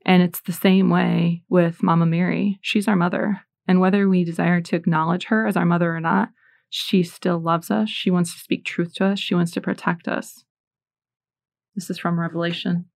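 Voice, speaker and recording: A woman's voice: on the low side, little pitch movement, moderate pace, vocal fry, darkish tone, no room sound, clean studio sound. A woman in her forties giving a Catholic faith talk, telling personal stories in an earnest way and reading scripture aloud. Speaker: Catholic speaker.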